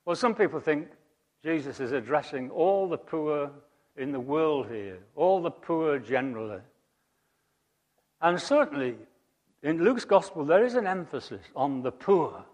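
A man preaching a sermon, emphatic, rising to loud high peaks and dropping to quiet asides. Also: animated, a little slow. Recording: long hall reverb.

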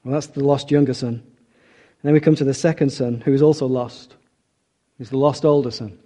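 A man's voice: mid-range voice, fairly even intonation, normal speed, mellow. A middle-aged man preaching a sermon, earnest and emphatic, often asking rhetorical questions.

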